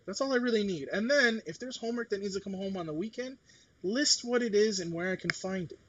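A middle-aged man chats casually in a husky, somewhat high voice. He talks bluntly, swears freely and plays out the other people in his story. His tone stays rough and breathy throughout. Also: fast, a bit bright. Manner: blunt, swears, acts out quotes. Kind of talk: casual chat.

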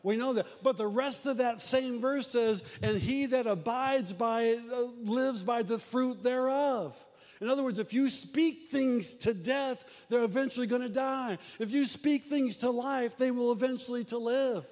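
A man preaching a sermon to a church, animated and acting out the voices he quotes. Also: a little slow, big-room sound. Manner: animated preaching, acts out quoted voices, rises and drops in pitch.

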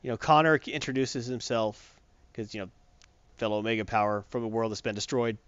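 A man casually retelling a comic book story, acting out lines in quick voices. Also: mid-range voice, clean tone, no room sound, lo-fi sound. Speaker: comic recap host.

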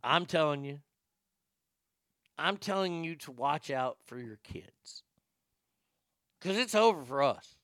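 A man's voice: a little high, expressive, takes it slowly, pauses often, a bit bright, dry recording. An older man giving heated, profane and sarcastic political commentary.

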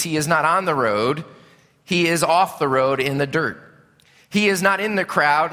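A middle-aged male pastor preaching a sermon in an animated, conversational way, asking his congregation questions. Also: on the high side. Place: church sanctuary. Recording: long hall reverb.

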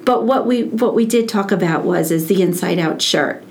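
A middle-aged woman who works as an early childhood educator, telling stories in conversation and acting out quoted dialogue with lively repetition. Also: mid-range voice, moderate pace. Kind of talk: animated conversational storytelling.

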